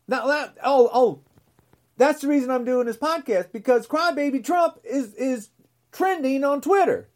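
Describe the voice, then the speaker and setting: A podcast host ranting alone, mocking and repeating taunts. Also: mid-range voice. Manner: mocking, repetitive, name-calling. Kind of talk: solo political rant podcast.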